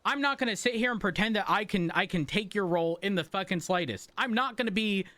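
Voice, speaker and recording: A man's voice: high-pitched, quick pace, no echo. A man roleplaying a police officer, talking in a placating, teasing way. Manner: placating, teasing, with soft laughs. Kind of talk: GTA roleplay conversation.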